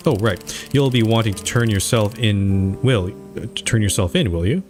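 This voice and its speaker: A man voicing a gruff, rude police sergeant in a shaky put-on Irish accent. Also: low voice, normal speed, music in the background, natural voice.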